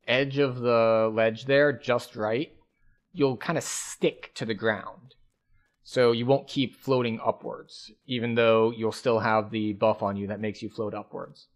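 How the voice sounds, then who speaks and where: Game streamer, male, mid-pitched, easygoing running commentary that explains each move. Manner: thinks aloud, explains game mechanics at an easy pace. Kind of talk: casual gameplay commentary.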